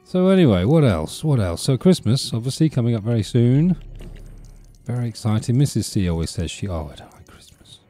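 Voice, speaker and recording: A man's voice: mid-range voice, very animated, a little fast, dark tone, faint music behind. A man casually chatting through a video game as a let's play host, rambling and cutting himself off with fillers. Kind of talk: casual gameplay commentary.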